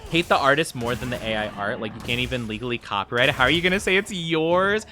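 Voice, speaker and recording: A man's voice: mid-range voice, animated, quick pace, over music. A young man streaming a game, chatting casually and rambling, full of fillers and self-deprecating restarts. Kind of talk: casual gaming stream chat.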